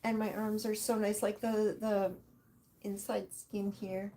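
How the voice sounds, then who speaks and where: A woman's voice: mid-range voice, level tone, measured pace, dark tone. A woman being treated as a guest, chatting casually and easily about self-care. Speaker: client and guest. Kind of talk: casual chat.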